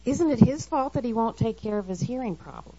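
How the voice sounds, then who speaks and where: Speaking to a women's Bible study, a middle-aged woman reads an earnest, confessional devotional talk aloud and quotes scripture. Her voice is a little high and warm, animated and brisk, heard through a slightly dull lo-fi recording.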